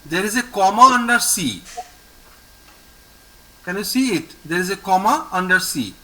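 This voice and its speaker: A high, bright male voice with an Indian English accent, taking his time and repeating every word for a student. He talks in a lively, rising-and-falling way over a video call, with faint background noise. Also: low-quality recording. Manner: patient, repeats each word slowly for the student. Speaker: French teacher. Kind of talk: online language lesson.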